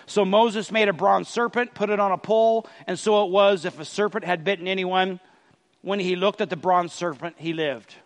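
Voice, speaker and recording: A man's voice: sits high, fairly even intonation, normal speed. A man preaching a sermon as pastor, reading scripture aloud and explaining it in an earnest, emphatic way.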